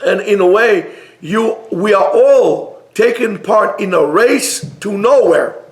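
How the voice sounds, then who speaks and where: A man, a rabbi, giving a Torah lecture, emphatic and rising to near-shouts on key points. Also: high voice, animated, slow pace. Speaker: rabbi teaching a class. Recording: roomy echo.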